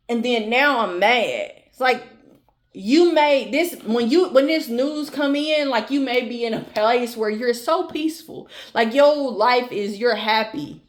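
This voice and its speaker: A woman giving a tarot reading to her viewers, blunt and emphatic, swearing freely and repeating phrases for emphasis. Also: fairly high pitch. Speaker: tarot reader. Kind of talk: channel tarot reading, casual and direct to viewers.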